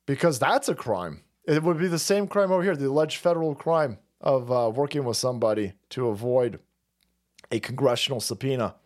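A man hosting a political commentary stream, ranting crudely and mocking the clips he plays. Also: brisk. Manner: mocking, crude, shouting swings in pitch; does mocking falsetto voices when quoting others.

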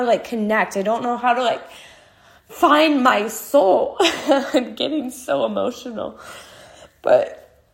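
A woman in her twenties hosting a podcast, talking through her feelings in a candid, heartfelt monologue full of "like" fillers. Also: on the high side. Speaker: podcast host. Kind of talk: casual personal monologue.

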